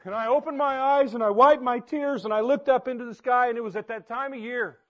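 A man preaching, telling a personal story in an earnest way that swings from hushed to loud. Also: very high-pitched, brisk, dull audio. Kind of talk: personal testimony sermon.

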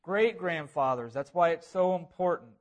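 High-voiced man preaching earnestly. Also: expressive, normal speed. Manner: earnest, repetitive preaching with rising emphasis. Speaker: pastor. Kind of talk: sermon.

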